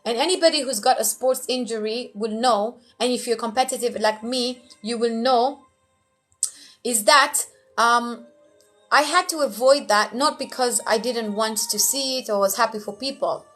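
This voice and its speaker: Brief: higher-pitched woman emcee, blunt and lively motivational talk, soft music under. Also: moderate pace. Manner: animated, acts out quoted voices; frank, blunt, lightly profane. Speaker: emcee giving life tips.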